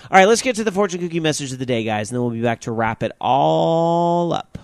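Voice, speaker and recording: A man's voice: on the high side, animated, quick pace, creaky, noisy background. A man hosting a podcast, wrapping up the show in a casual, rambling way with many fillers. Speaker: podcast host.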